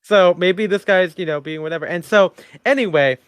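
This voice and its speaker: A man's voice: high voice, normal speed, smooth, no echo. A young man co-hosting a podcast, telling a story in casual chat, acting out quotes and laughing often. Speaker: podcast co-host.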